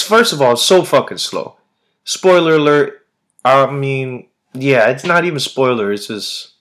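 A man hosting a podcast, chatting casually in a rambling way, swearing constantly and using lots of slang. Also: medium pitch. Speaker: podcast host. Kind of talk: casual chat.

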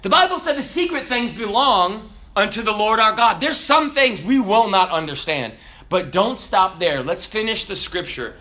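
Animated Southern preacher man, high lively voice. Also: moderate pace. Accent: Southern American. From American South. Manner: folksy and animated, jokes and rhetorical questions. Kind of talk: sermon.

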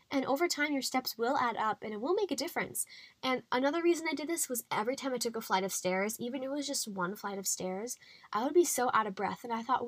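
A woman's voice: a little high, lively intonation, fast talker, husky, no echo. A young adult woman hosting a podcast, chatty and encouraging, with frequent fillers. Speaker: podcast host. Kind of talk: faith-based health podcast monologue.

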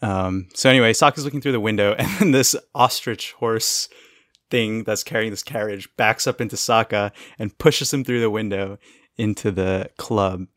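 A man's voice: lowish voice, moderate pace, fairly bright tone, no room sound, clean studio sound. A man co-hosting a podcast, casually recapping a cartoon episode, laughing often as he retells scenes. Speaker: podcast co-host.

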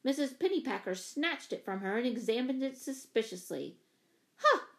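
A woman narrating a children's novel in a clear, even storybook reading. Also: fairly high pitch, moderate pace. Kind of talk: scripted narration.

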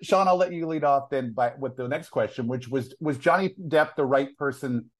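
A man hosting a film podcast, relaxed and conversational. He steers the talk with open questions in a mid-range voice. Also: mid-range voice, normal speed. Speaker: podcast host. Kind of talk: casual chat.

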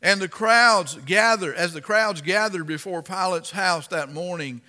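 A man preaching a sermon and reading scripture aloud, impassioned and dramatic, rising to loud emphasis. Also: sits high, measured pace, big-room sound.

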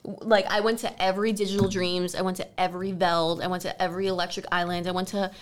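A woman's voice: on the low side, level tone. A young woman from Canada telling rambling party stories in casual chat, full of "like" and swearing. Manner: fast, rambling storytelling with frequent "like" and swearing.

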